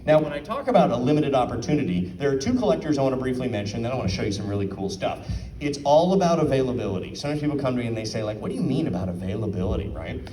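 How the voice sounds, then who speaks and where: Racing along in an expressive, medium-pitched voice, a man talks informally to a live audience at an art auction. He asks them questions and acts out quotes. A crowd can be heard behind him, and the mic sits far off, giving a roomy sound.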